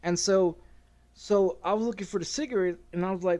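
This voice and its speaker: Male game streamer, higher voice, rambling and profane, casual storyteller. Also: fairly quick, a little mellow. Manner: profane and rambling, with many restarts.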